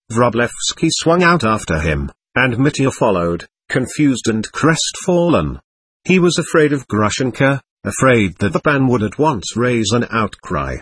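Male audiobook narrator, husky, lively, expressive, dry close sound. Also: medium pitch, dry recording. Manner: expressive storytelling.

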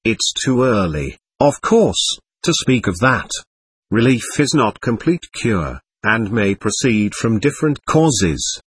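A male narrator voicing a gentle, ailing old monk who speaks calmly and consolingly, in an audiobook. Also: fairly low pitch, takes it slowly, slightly rough, exaggerated voice. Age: older. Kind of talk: audiobook character reading.

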